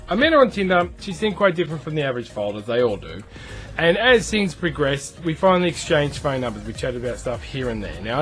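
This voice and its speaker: Australian guy, gaming vlogger, slightly high voice, loose rambling delivery, faint music under it. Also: a bit bright. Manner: chatty, rambling, self-deprecating. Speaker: gaming YouTuber. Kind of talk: casual storytelling over gameplay.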